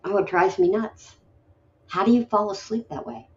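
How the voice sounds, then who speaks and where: A woman's voice: mid-range voice, fairly even intonation, moderate pace, darkish tone, dull audio. A woman hosting a late-night poetry stream, chatting casually in a rambling, grumbly, self-deprecating way. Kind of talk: casual chat.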